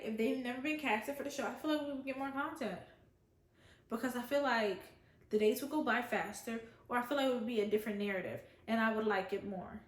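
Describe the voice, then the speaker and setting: A woman's voice: fairly high pitch, reverberant. A woman casually giving an opinionated, chatty review of a reality show. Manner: chatty, opinionated, quotes others in voices. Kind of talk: casual chat.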